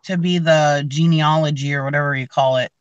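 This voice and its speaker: A woman's voice: low-pitched, steady tone, fairly quick, no echo, lo-fi sound. A woman hosting a casual chat, telling a long story with lots of fillers and restarts. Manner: rambling, many fillers and restarts. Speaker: reseller channel host.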